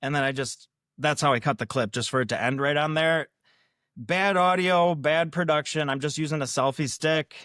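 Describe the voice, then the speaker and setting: Studio-quality audio with no room sound captures a man with a fairly high, slightly bright voice at a moderate pace. He's a prank video creator guesting on a podcast, rambling casually through a self-deprecating story and acting out what he and others said.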